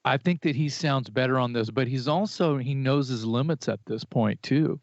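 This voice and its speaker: Podcast co-host, male, mid-pitched, opinionated and animated, dry slightly dull recording. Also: moderate pace, no echo. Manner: opinionated, animated, with restarts and fillers. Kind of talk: casual music chat.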